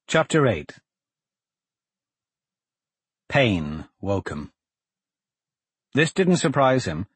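Male audiobook narrator, husky and lively in pitch, dramatic read, dry booth sound. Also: slow, no room sound. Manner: expressive, dramatic. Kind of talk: scripted fantasy narration.

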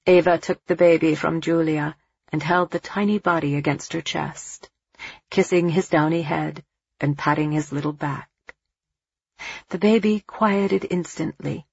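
Low husky woman narrating a story. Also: no echo, highs cut off. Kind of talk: audiobook narration.

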